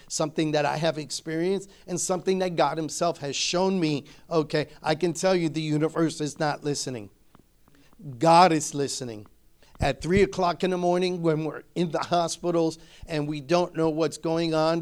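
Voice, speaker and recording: A middle-aged male pastor delivering a sermon in a slightly higher-than-usual voice. He preaches with emphasis and drives his points home by repeating phrases.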